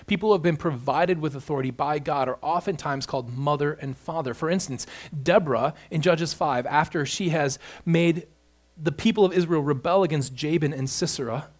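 A man preaching an expository sermon, building emphasis on key points as he walks through scripture. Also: fairly high pitch. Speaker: pastor.

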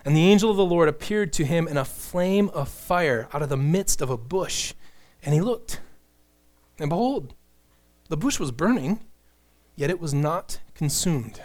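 Man, middle-aged, pastor, sermon, earnest, animated, wry asides, slightly high-pitched. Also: measured pace.

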